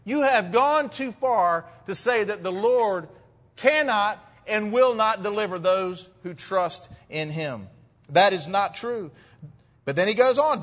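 A man's voice: high voice, fairly bright tone. A man preaching an expository sermon as pastor, reading verses and rising to emphatic points. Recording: long hall reverb.

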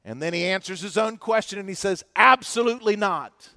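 High-voiced preaching man. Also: brisk, dry recording, studio quality. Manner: expressive preaching, swinging from loud to hushed. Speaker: pastor. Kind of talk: sermon. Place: church.

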